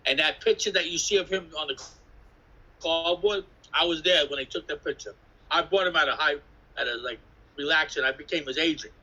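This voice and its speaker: Husky, bright-voiced New man telling stories. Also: a little high, a little fast, highs cut off. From New York City. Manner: rambling, animated, acts out voices, swears. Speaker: interviewee, graffiti artist. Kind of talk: casual storytelling interview.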